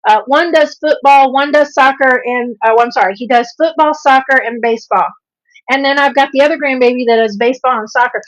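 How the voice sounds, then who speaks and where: A woman's voice: high voice, a little fast, poor audio. A woman in her fifties with a Southern drawl hosts a live stream, speaking earnestly, repeating points for emphasis and greeting viewers by name. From Southern United States. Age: 50s. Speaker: livestream host and nutrition coach.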